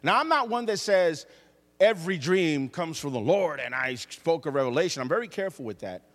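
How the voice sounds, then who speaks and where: A male pastor tells a story in a storytelling sermon, joking and drawing the congregation in. His voice sits on the high side and swoops up and down. A long church reverb hangs behind him. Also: fairly quick. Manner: lively, jokey, audience call-and-response. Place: church sanctuary.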